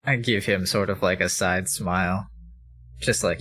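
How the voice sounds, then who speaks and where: A man playing a character in a tabletop game, describing his moves with a deadpan touch. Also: sits low, unhurried, breathy edge. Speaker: player. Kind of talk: tabletop role-play, in and out of character.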